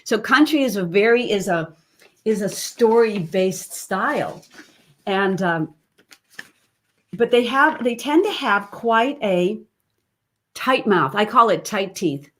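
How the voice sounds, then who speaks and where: A woman's voice: mid-range voice, expressive, takes it slowly, pauses often, a bit bright. Chatty woman teaching a voice webinar. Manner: chatty, demonstrates sounds and sung snippets mid-explanation. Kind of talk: online webinar lesson.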